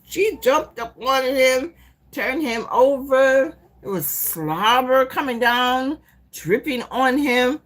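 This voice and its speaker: A woman live-streaming casually, retelling a movie in an animated, profane, rambling way. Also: high voice, slow pace. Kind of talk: casual chat recapping a movie.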